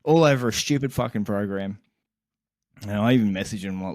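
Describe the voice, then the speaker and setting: A young man on a casual podcast, co-hosting and telling a story in an animated, exasperated way, swearing constantly and laughing mid-sentence. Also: lowish voice, a little fast, dry recording, studio quality. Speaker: podcast co-host.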